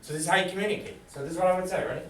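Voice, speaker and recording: A man teaching math in a classroom, lecturing lively and quizzing his students with questions as he goes. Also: high voice, racing. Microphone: camera far from the speaker. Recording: echoey classroom from far off.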